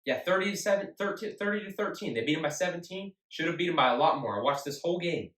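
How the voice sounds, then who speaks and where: Animated man hosting sports talk in an echoey room. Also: a little high, fast talker. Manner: animated and emphatic, repeats himself. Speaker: sports show host. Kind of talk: casual solo sports talk. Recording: echoey room, mic at a distance.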